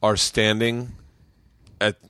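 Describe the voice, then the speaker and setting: A man's voice: on the low side, flat delivery, takes it slowly, sharp tone, clear, resonant tone, dry recording, clean studio sound. A man hosting a casual podcast chat, talking with enthusiasm and plenty of swearing, often stammering and restarting his sentences. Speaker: podcast host. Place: home studio.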